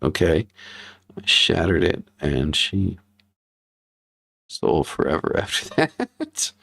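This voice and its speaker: A man with a fairly low voice chats on a livestream, candid and loose. He swears freely and circles back over his own words as he tells a story. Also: sing-song, slow, gravelly, fairly bright tone. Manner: candid, heavy swearing, repeats himself. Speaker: podcast co-host, father. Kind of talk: casual livestream chat.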